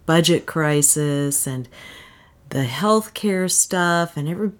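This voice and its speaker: Animated low-voiced woman reading a story. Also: takes it slowly. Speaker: story reader. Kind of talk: storybook narration, then casual commentary.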